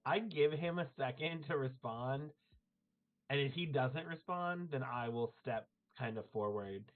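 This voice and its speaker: A man's voice: mid-range voice, measured pace, faint music behind. A man playing a tabletop role-playing game, flirty and playful in character. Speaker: player. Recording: tinny phone-like stream audio.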